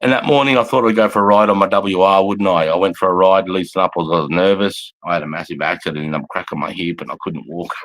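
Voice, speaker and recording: A man's voice: low voice, fairly even intonation, quick pace, hardly any pauses, fairly bright tone. An Australian man, an army veteran, telling blunt, profane, rambling stories casually on a livestream.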